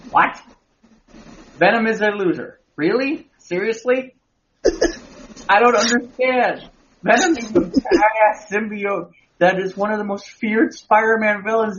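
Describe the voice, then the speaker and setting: This podcast co-host has a high-pitched, fairly bright voice and speaks unhurriedly with long pauses, over slight background noise. Reviewing a movie in casual chat, he rambles, often restarting and repeating words, and the recording is muffled and lo-fi.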